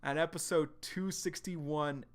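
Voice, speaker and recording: A man streaming a live reaction to a webcomic, excitedly recapping and speculating, swearing freely. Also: a little high, slow.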